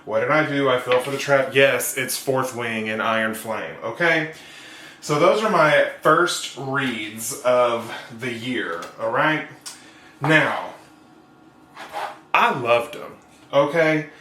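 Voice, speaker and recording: An upbeat man talks to his viewers while cooking, joking as he goes. His voice is bright and forward. The sound carries a roomy kitchen echo with a faint hiss behind it. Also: medium pitch, takes it slowly. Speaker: YouTube vlogger and writer. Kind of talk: casual chatty vlog while cooking. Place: home kitchen.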